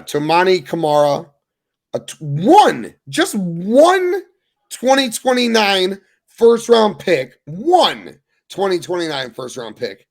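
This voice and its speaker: A young man hosting a sports podcast, talking loosely and excitedly, with swearing. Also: mid-range voice, creaky. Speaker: podcast host. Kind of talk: casual sports talk.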